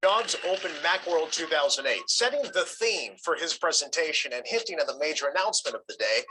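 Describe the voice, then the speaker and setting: A man's voice: a little high, expressive, brisk, sharp tone, breathy edge, low-quality recording. A man giving polished, scripted narration from a video played to the class. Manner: polished, explanatory.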